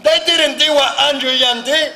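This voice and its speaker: High bright man speaking at a street rally. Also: steady tone, moderate pace. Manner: switches from English to Spanish mid-speech. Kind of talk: rally speech.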